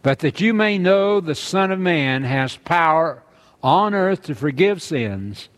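A man's voice: fairly high pitch, lively intonation, slow. A man preaching a sermon, earnestly reading scripture aloud and driving his points home with emphasis.

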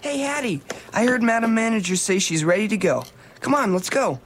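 A woman's voice: fairly high pitch, animated, fairly quick, a little hiss or hum. A woman voicing an earnest, loyal teenage boy in an audio drama. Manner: earnest and encouraging.

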